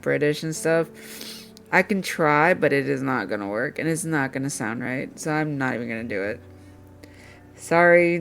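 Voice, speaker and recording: A woman streamer chatting casually and thinking aloud while she plays a game. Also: sits low. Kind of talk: casual gameplay commentary.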